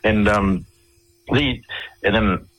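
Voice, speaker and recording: Husky low-voiced Australian man. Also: a bit bright, rough recording. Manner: halting, with many restarts and repeated words. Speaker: interview guest. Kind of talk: storytelling in a radio interview.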